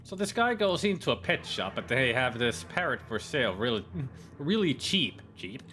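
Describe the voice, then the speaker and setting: A man's voice: mid-range voice, big pitch swings, normal speed, pushed and bright. A man playing through a game on video, reading in-game messages and long jokes aloud in a casual, mocking way with fillers and slips. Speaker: let's player. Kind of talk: gaming commentary, reading texts and jokes aloud.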